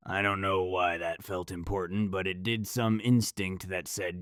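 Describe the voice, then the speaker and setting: A man narrating a first-person horror story in a dramatic, measured delivery. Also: low-pitched, level tone, a bit bright, no echo, studio quality.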